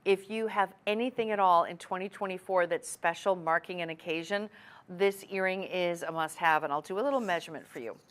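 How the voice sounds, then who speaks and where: A woman's voice: fairly low pitch, brisk. Enthusiastic woman selling jewelry on TV. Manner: enthusiastic, chatty, persuasive. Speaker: TV shopping host. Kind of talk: home shopping sales pitch.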